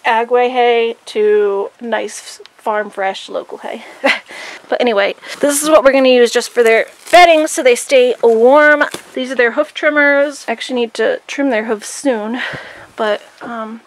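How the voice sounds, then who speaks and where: A young woman vlogging casually while caring for her goats in a barn, chatting with lots of "like" and cooing at the animals. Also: fairly high pitch. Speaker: vlogger and goat keeper. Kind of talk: casual chat. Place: outdoor goat barn.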